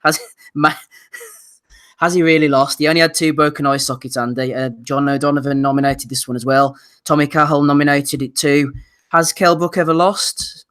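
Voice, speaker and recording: A man's voice: a little high, little pitch movement, moderate pace, fairly bright tone, clean tone. A British man co-hosting a casual boxing podcast, reading out listener nominations and laughing readily. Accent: British English. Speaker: podcast co-host.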